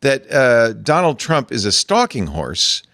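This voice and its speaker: A man's voice: medium pitch, unhurried, no room sound, clean studio sound. An older man hosting a tech podcast, talking casually with a wry, chatty manner. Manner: chatty, wry, lively delivery. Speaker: podcast host. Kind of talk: casual panel chat.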